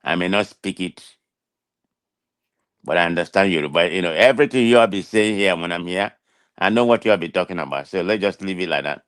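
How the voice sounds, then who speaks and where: A man's voice: low voice, fairly quick, smooth, dry recording, clean studio sound. A man with a thick Nigerian accent and a nasal voice, chatting on a talk show and defending himself with lots of restarts. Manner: defensive, animated, restarts often. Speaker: guest. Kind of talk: casual chat. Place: America.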